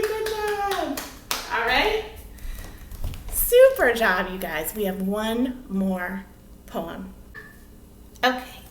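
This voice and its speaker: An American woman leads a children's lesson in a fairly high, sing-song voice. She takes her time and stretches each word as she reads. Her voice rings a little in an echoey room. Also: slight background noise. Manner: bright, sing-song teacher voice, slowing to read poems aloud. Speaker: movement artist teaching children.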